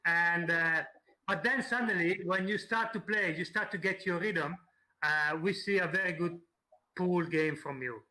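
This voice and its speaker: Male host, halting and filler-heavy, high-pitched. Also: pushed and bright, rough recording. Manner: halting, many fillers, switches between languages. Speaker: host and translator. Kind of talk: live stream interview.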